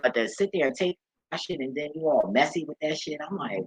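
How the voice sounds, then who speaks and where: A woman's voice: low-pitched, lively intonation, brisk, slight background noise, poor audio. A woman talking casually to camera, telling stories in blunt, profane street talk and often breaking into laughter. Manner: acts out others' voices in quoted asides. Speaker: vlogger. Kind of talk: casual storytelling monologue.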